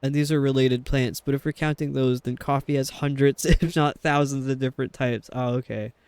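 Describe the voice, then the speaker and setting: A man's voice: mid-range voice, steady tone, a little fast, darkish tone, smooth. A man from New York with a New York accent, chatting and rambling casually while streaming a game. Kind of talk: casual chat while gaming.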